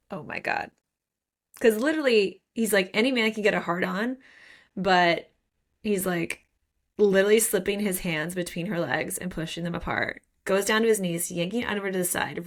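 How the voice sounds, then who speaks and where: Gravelly-voiced woman chatting about books. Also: on the low side. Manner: animated, reads quotes aloud with laughs. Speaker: podcast co-host. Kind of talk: casual book chat.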